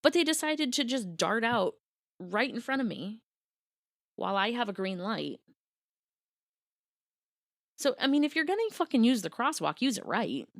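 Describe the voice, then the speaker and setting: A woman's voice: on the high side, very animated, normal speed, pauses often, no room sound, clean studio sound. A woman co-hosting a podcast, telling a story in a casual, exasperated and profane way. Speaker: podcast co-host. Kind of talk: casual chat.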